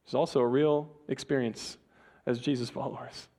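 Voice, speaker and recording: A man preaching a sermon in a conversational, animated way, acting out quoted voices. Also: mid-range voice, normal speed. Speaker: pastor.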